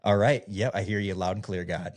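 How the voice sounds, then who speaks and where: A man with a deep, low voice tells his own story on a podcast. He is a former youth pastor from the American Midwest. He speaks in a loose, candid way, with plenty of fillers, and he acts out the dialogue he is remembering. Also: fairly quick. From Midwestern United States. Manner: casual, relaxed, with frequent fillers, often acting out quoted dialogue.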